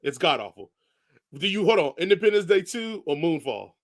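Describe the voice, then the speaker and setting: A man co-hosting a podcast, chatting casually about movies, who often agrees with quick repeated words and laughs along. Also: on the high side, sing-song, no room sound. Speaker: podcast co-host. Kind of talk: casual movie review chat.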